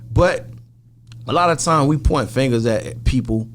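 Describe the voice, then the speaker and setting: A middle-aged man appearing as a podcast guest tells a story in casual talk, animatedly acting out what other people said and swearing heavily. His voice is medium-pitched and a little slow.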